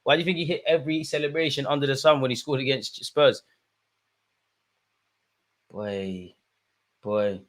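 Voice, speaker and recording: A young man, commentating live on a football match for his viewers and shouting at the screen. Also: mid-range voice, normal speed, long pauses. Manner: excitable, swings from muttering to shouting at the screen. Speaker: football watchalong host. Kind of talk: live watchalong commentary, casual.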